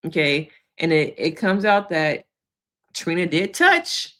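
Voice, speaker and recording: A female therapist casually recaps a reality show episode with lots of energy, acting out quotes and laughing as she goes. Her voice sits fairly low, and she speaks slowly.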